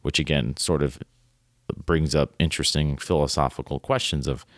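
A bass-voiced man hosts a podcast at normal speed with fairly even intonation, enthusiastically discussing a short story and reading passages. His casual talk rambles with fillers and regular "right?" tags. The studio-quality recording has no echo.

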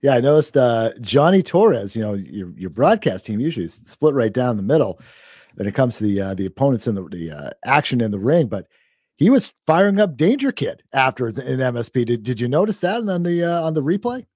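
Male podcast co-host, warm and mellow, easygoing recap delivery, dry close mic. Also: mid-range voice, fairly quick, slightly rough, dry recording. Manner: relaxed, chatty, many fillers and laughs. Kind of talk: casual wrestling recap chat.

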